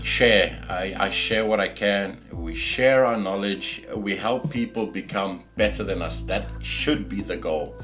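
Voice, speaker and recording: This podcast host is a middle-aged man with a South African accent whose voice sits on the low side and sounds a bit bright. His casual show features passionate, preachy ranting full of restarts, with soft music running underneath.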